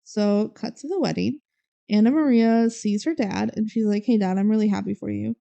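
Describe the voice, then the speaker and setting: A woman's voice: mid-range voice, fairly even intonation, normal speed, vocal fry, mellow, dull audio. A young woman co-hosting a podcast, casually recapping a movie and acting out the characters' lines. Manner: retells scenes with quoted character lines, frequent "like" and "um". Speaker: podcast co-host.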